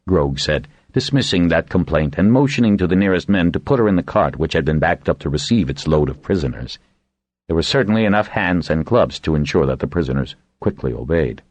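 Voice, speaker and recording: A man narrating an audiobook as scripted narration, with lively intonation. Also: a little fast, dry recording. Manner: reads with lively, varied intonation and raises his pitch for voiced quotes.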